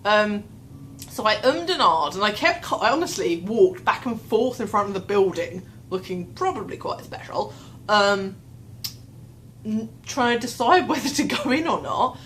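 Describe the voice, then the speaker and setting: A woman's voice: mid-range voice, normal speed, slight background noise, poor audio. A young woman telling a long, rambling, self-mocking story, acting out her own anxious thoughts. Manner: rambling, self-mocking, animated retelling with quoted inner voice. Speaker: vlogger. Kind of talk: casual storytelling vlog.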